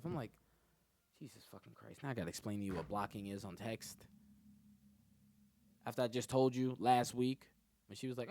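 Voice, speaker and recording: A man hosting his own comedy podcast alone, rambling through profane, animated stories. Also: normal speed, pauses often, no room sound. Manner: profane, animated storytelling that jumps in pitch. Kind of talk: rambling solo comedy monologue.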